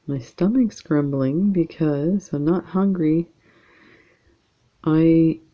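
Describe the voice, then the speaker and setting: Chatting to viewers over a beading project at home, a woman from Canada rambles in a relaxed way, full of filler words, as host of her beading channel. Her voice is low and mellow, captured with a lo-fi sound.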